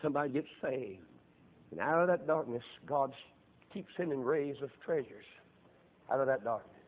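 A middle-aged man preaching a sermon, with fervent delivery that swells into loud, drawn-out emphasis. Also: medium pitch, expressive. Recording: tinny phone-like lo-fi sound.

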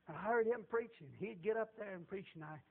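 An older man giving a folksy testimony sermon, animated and repetitive, chuckling as he tells it. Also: high-pitched, fairly quick, narrow, tinny audio. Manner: animated, repetitive, laughs while telling.

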